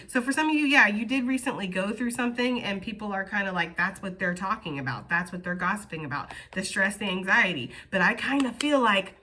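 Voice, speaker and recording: A woman giving a casual, profane and animated tarot reading to her viewers. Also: medium pitch, brisk, hardly any pauses. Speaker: tarot reader.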